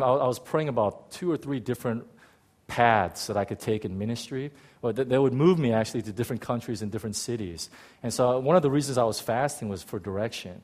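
Animated male pastor telling a story. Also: medium pitch, a little fast. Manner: animated storyteller, swings from loud to hushed, many restarts. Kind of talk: testimony in a sermon.

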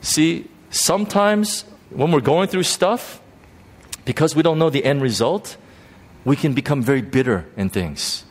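A male pastor preaching a sermon in a church, animated and emphatic, often repeating himself as he builds to a point. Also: measured pace. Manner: animated preaching, rising to high pitch for emphasis, frequent repetitions.

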